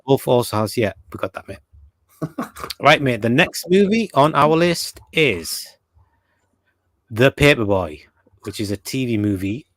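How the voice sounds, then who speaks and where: A man's voice: medium pitch, sing-song, measured pace, long pauses, a bit bright, dry recording. A man hosting a casual podcast, reading viewer comments aloud and talking with many fillers and restarts. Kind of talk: casual chat.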